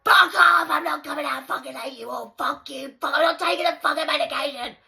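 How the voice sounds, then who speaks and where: Lady doing a cross young bloke yelling and cursing, voice way up high and loud. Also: expressive, quick pace. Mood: furious. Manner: shouting, swearing. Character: angry young man locked in his room.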